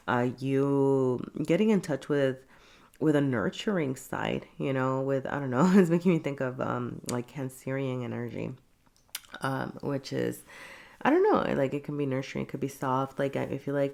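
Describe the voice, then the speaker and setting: A woman's voice: a bass voice, a little mellow. A woman giving a casual tarot reading, chatty and laughing often, with many fillers. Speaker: tarot reader.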